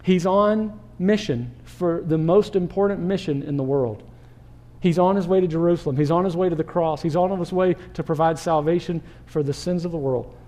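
A man delivers a sermon, lively and engaging, throwing questions at the listeners. His voice sits slightly high with a warm, mellow tone. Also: normal speed. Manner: animated, acts out crowd voices and rhetorical questions. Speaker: pastor.

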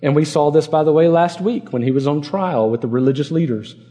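Earnest preacher guy, mellow voice on the high side, leans on repeated words. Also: brisk. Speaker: pastor. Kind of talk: expository sermon.

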